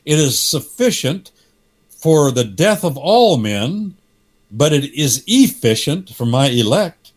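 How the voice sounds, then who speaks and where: A man voicing a solemn divine judge who offers to take the place of the man he has just sentenced, speaking in slow, measured declarations. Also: medium pitch, slightly rough, full character voice.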